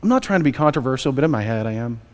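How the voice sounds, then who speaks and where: A man's voice: mid-range voice, lively intonation, very fast, a little mellow. A man preaching a Sunday sermon as pastor, in a conversational way with joking asides. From United States. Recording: reverberant church hall.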